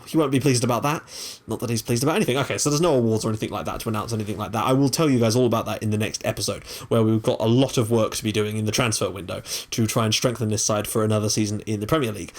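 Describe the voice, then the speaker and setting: A young man hosting a gaming channel, chatting casually and excitably over his game, with the odd swear. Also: medium pitch.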